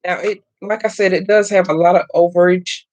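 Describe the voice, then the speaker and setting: A middle-aged craft host's voice sits on the low side, darkish, fairly quick and with fairly even intonation. During her live stream she chats as she works, calling viewers "y'all" and greeting them by name.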